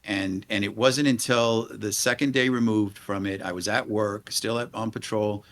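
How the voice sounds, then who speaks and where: Earnest, halting man with a low voice. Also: steady tone. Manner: halting, earnest, with many restarts. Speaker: police leader and guest. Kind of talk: storytelling in a podcast interview.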